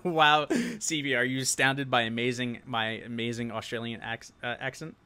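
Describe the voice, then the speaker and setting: A man's voice: medium pitch, fairly even intonation, normal speed, sharp tone, clear, resonant tone. A young man from New York with a New York accent, hosting a live-stream show and chatting casually with viewers, laughing often.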